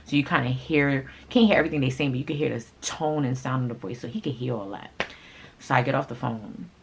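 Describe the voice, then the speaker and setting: A young woman whose first language is Haitian Creole, telling a personal story in a casual, animated way, with sudden loud outbursts and asides to viewers. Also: extremely low pitch, fast talker, a little hiss or hum. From Haitian family. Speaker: vlogger.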